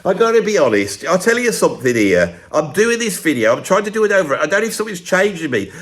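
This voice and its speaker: A man's voice: high-pitched, very animated, fast talker, fairly bright tone. A man, a drummer hosting his own video, talking bluntly and rambling, at times arguing with himself. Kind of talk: casual opinionated monologue.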